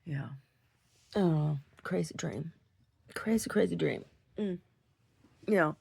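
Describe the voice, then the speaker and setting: A woman with a low, darkish voice takes her time, her speech showing vocal fry and a breathy edge. She's a video diarist rambling through a long story, frequently restarting sentences and laughing as she goes.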